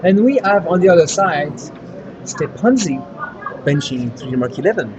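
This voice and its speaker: A French-accented man co-hosts a live hardware event stream, chatting and playfully teasing as he runs giveaways. His voice sits fairly high, and a crowd murmurs clearly behind him at the busy venue. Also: animated, normal speed, highs cut off. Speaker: livestream co-host.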